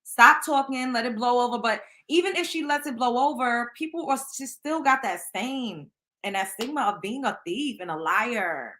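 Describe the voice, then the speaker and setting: A woman's voice: on the high side, animated, normal speed, sharp tone. A woman hosting a casual gossip show, talking bluntly and with plenty of profanity straight to her listeners. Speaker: show host.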